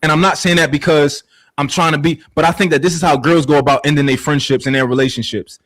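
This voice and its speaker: A man's voice: fairly high pitch, steady tone, quick pace, fairly bright tone. A man arguing heatedly on a podcast panel, insistent and repeating himself to hold the floor.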